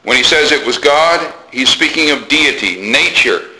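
A man preaching a sermon, teaching earnestly and deliberately, repeating phrases for emphasis with occasional fillers. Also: medium pitch, animated, pushed and bright, low-quality recording.

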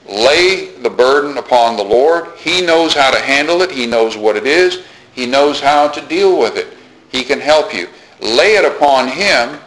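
A man's voice: mid-range voice, animated, measured pace, fairly bright tone, low-quality recording. A man preaching a sermon as pastor, earnest, repeating key phrases and asking the congregation questions.

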